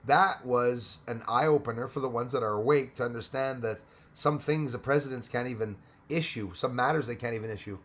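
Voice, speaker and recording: A man's voice: medium pitch, brisk, a bit bright. Chatty Canadian man hosting a livestream. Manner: chatty, thanks viewers by name, laughs often. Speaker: livestream host. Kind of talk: casual livestream chat.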